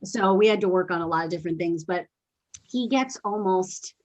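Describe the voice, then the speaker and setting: A woman hosting a podcast, telling stories in a chatty, animated way with quick asides. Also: on the low side, poor audio. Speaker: podcast host and dog trainer. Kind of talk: casual podcast conversation.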